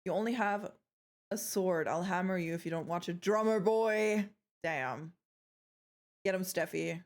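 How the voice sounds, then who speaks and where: This young streamer has a lowish voice and a moderate pace. Chatting playfully with her live audience, she jokes and swears as she goes, often letting a thought trail off and then restarting.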